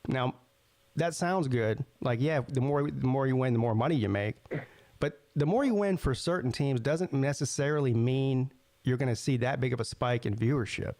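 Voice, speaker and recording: A man's voice: medium pitch, moderate pace, a little mellow, no room sound. A man co-hosting a sports podcast, easygoing and reasoning aloud with hesitant fillers. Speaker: podcast co-host. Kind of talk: casual sports talk.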